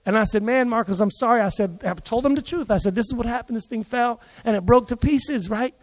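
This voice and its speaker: A man preaching to his congregation with a very high-pitched voice. He tells his story in an animated way, acting out the voices of the people in it. The sound carries a long reverb from a large hall. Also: fairly quick. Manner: animated, acts out quoted voices. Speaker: pastor. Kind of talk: sermon with storytelling. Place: church service.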